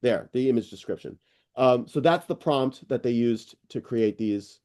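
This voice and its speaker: A middle-aged man hosting an online AI news session, rambling and excitable, with lots of fillers and restarts. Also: mid-range voice, moderate pace. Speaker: host presenting AI news. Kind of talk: casual screen-share walkthrough on a live call.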